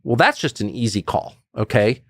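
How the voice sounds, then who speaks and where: A man's voice: medium pitch, very animated, moderate pace, dry recording, studio quality. A middle-aged man, a political commentator, talking bluntly and emphatically in a podcast conversation, acting out the voices he quotes. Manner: blunt, swears.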